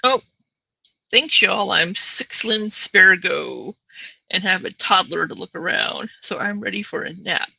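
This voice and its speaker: A woman's voice: medium pitch, animated, a little slow, creaky, pushed and bright, breathy edge, no echo, low-quality recording. A woman hosting a reaction commentary, talking with mocking, dry sarcasm. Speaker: commentary channel host.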